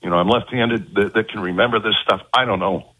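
A man's voice: fairly low pitch, husky, dry recording. Earnest man on a tinny phone line. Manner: halting, repeats words, earnest. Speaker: guest recounting an abduction experience. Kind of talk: phone-in interview. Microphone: telephone.

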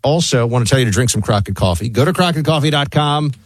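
A man's voice: mid-range voice, fast, no echo, clean studio sound. A male radio talk show co-host who jokes, teases his partner and reads ads for the show's sponsors. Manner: jokey, animated, teasing.

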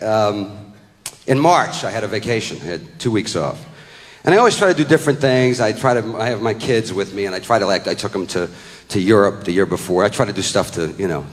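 A middle-aged man doing stand-up storytelling with loud, animated exclamations. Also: medium pitch. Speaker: stand-up comedian. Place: large hall with audience. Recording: reverberant live hall.

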